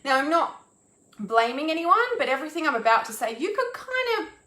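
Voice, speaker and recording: A woman's voice: high-pitched, lively intonation, sharp tone. A young woman ranting angrily on a live stream, swearing and restarting her sentences as she talks about reaching her limit. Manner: fuming, swearing, halting restarts. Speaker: intuitive healer and mentor, live streaming. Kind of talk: angry live-stream rant. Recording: echoey room.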